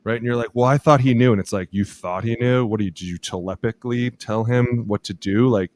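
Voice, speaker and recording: A man co-hosting a casual podcast, a former lineman telling animated stories and acting out teammates' shouted calls, swearing freely. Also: brisk. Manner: animated storyteller acting out teammates' calls in loud high voices.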